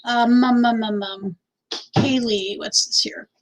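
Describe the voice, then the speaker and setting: A woman's voice: a little high, steady tone, slow pace, background noise. A middle-aged woman from Texas hosting a casual livestream, chatty and rambling as she reads out names from the chat into her phone. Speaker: livestream host.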